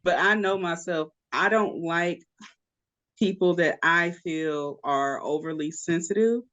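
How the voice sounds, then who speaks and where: A woman's voice: on the low side, takes it slowly, a bit bright, dull audio. Woman, podcast co-host, emphatic, argumentative, casual chat.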